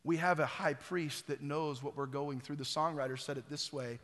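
A male pastor preaching an Easter sermon, swelling to loud emphasis and dropping to quiet, recorded in a church sanctuary. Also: fairly high pitch, fairly even intonation, normal speed, few pauses. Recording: church hall reverb.

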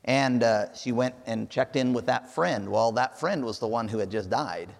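A man's voice: medium pitch, moderate pace, gravelly, in a large hall. A man preaching a sermon, telling a story in an earnest way.

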